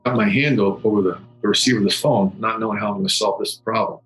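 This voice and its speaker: A middle-aged man giving solemn personal testimony, halting and often repeating his words. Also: lowish voice, steady tone, a bit bright. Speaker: former federal agent recounting a memory. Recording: echoey room with faint music.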